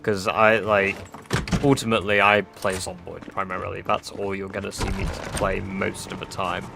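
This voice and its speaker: A man's voice: low voice, level tone, moderate pace, vocal fry, music in the background. A man streaming a game, chatting casually and reading chat aloud with offhand swearing. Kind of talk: casual livestream chat while gaming.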